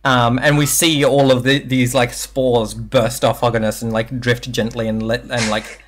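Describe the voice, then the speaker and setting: A man's voice: medium pitch, little pitch movement, normal speed. A man running a tabletop game who narrates in a loose, rambling way. He leans heavily on fillers and laughs often as he describes what happens. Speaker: game master.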